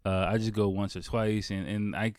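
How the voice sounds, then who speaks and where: A man with a low voice tells a long personal story as a podcast host. He rambles, swears casually and restarts his sentences. The recording is dry and close, with no room sound. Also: level tone, moderate pace, no echo. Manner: rambling and profane, lots of fillers and restarts.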